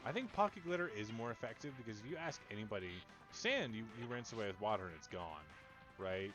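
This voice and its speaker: Young man, low voice, casual rambling game commentary, music loud behind. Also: animated, quick pace. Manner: rambling, joking, talks to chat. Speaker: let's play streamer.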